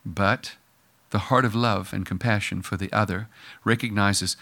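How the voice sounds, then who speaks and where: A man's voice: on the low side, fairly even intonation, measured pace, hardly any pauses, sharp tone. A man preaching a sermon in a conversational way, acting out the voices he quotes. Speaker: pastor.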